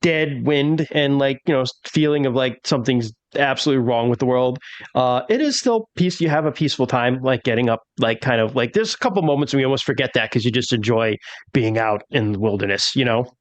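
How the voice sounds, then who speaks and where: A man's voice: medium pitch, a little fast, dry recording. Male game master, rambly narration full of fillers, dead-dry recording.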